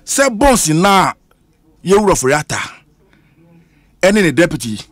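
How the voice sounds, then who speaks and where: A Ghanaian-accented man argues on a radio panel in a high voice that swings widely up and down. He speaks emphatically and moves between English and Twi. The sound is dry and close, with little room echo. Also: very animated, a little slow. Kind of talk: heated radio panel discussion. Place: radio studio.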